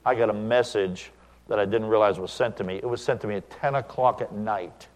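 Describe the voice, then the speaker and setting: A middle-aged man, a pastor, preaching a sermon, animated when he acts out quoted dialogue and quiet when he reflects. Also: fairly low pitch, fairly quick, in a large hall.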